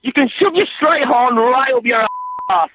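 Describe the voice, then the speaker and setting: Indignant man on a phone line, husky high voice. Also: moderate pace, dry recording. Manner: indignant, excitable, swears. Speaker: prank call target. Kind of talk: phone conversation.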